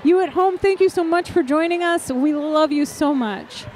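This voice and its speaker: High-pitched excitable woman commentator. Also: moderate pace, slight background noise. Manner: excitable, gushing. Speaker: roller derby announcer. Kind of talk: live sports commentary.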